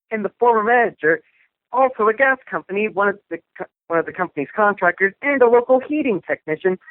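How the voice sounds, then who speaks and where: Male news co-host, high voice, wry asides, tinny phone-line sound. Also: no echo. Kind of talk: casual news commentary.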